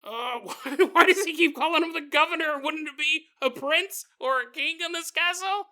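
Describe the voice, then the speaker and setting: A man's voice: very high-pitched, normal speed, sharp tone, voice pushed up, heavily acted. A man voicing a confused teenage girl, asking puzzled questions.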